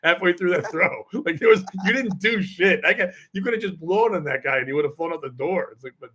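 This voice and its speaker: Male podcast host, slightly high pitch, loose rambling storyteller. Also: fast, a bit bright, husky. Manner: rambling, lots of fillers and laughs. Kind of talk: casual storytelling chat.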